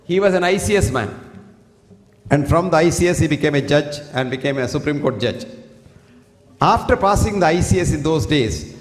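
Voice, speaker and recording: A high-pitched man with an Indian English accent lectures emphatically and in a preachy way, reciting Sanskrit verses between points. His voice rings through an echoey hall with a long reverb tail. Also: animated, normal speed, pauses often. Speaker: doctor giving a health lecture. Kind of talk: public health lecture. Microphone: single fixed stand mic.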